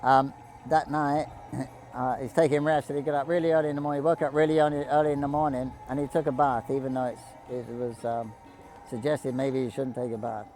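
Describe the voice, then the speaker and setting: A man with a mellow, warm voice recounts devotional stories in a relaxed, halting way. He restarts his sentences often and pauses to cough or clear his throat. Faint music plays behind him. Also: medium pitch, low-quality recording. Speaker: storyteller speaking to pilgrims. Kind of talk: casual devotional storytelling.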